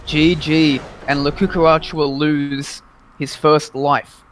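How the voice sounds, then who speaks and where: A man giving energetic play-by-play commentary on a live esports match as a caster. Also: fairly high pitch, takes it slowly, faint music behind. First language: English. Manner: energetic play-by-play, excited at big moments.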